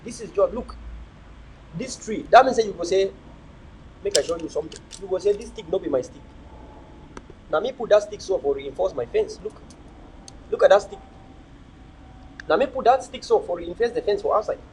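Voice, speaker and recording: A man's voice: high voice, lively intonation, moderate pace, pauses often, darkish tone, slight background noise, rough recording. A young man hosting a live video chat, preaching and joking, slipping between pidgin and English. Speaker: livestream host.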